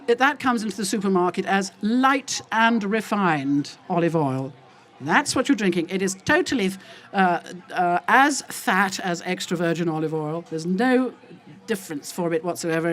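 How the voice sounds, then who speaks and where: An older woman giving an emphatic, indignant and rambling talk to a festival audience as an olive oil seller, addressing them as ladies and gentlemen. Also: normal speed. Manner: lively, with wide jumps in pitch. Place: outdoor food festival.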